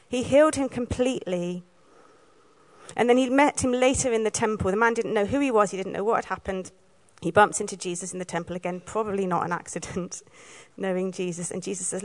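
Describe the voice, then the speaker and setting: A woman from Wales giving a sermon, telling the story in a lively way and acting out the lines she quotes. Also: mid-range voice, fast talker. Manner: lively storytelling, acts out quoted lines, laughs now and then. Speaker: preacher.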